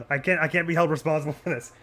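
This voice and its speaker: A man's voice: fairly high pitch, steady tone, fairly quick, fairly bright tone. A man casually commentating his gameplay stream, chatty and self-deprecating.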